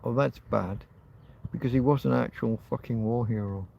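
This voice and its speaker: A man's voice: medium pitch, moderate pace, gravelly, muffled recording. A man hosting a livestream, chatting in a rambling, casual way, thinking aloud with frequent ums and false starts. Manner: meandering, thinks aloud with many ums and restarts. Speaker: livestream host. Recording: faint background noise.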